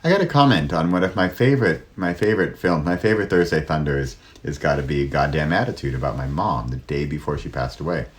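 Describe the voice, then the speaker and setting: A middle-aged man hosting his own solo talk, shifting his pace and loudness and dropping to near whispers to show how pauses work. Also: extremely low pitch, lively intonation. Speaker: host.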